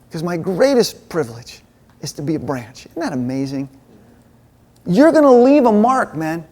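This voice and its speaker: A man giving a casual storytelling sermon to a men's group, chatty and lively, dropping to a hushed voice at times. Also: high-pitched, moderate pace. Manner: animated, chatty storyteller who drops to a hushed voice. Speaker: men's ministry speaker. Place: meeting room with a live audience.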